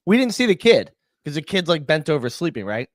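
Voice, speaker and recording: Man, podcast co-host, swears freely, rants animatedly, bit high-pitched, dry close sound. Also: a little fast, no room sound. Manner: profane, animated ranting storyteller. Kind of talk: casual storytelling chat.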